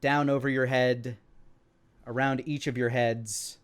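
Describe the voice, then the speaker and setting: A man's voice: mid-range voice, little pitch movement, measured pace, smooth. A man narrating a tabletop game as dungeon master, describing scenes with frequent fillers.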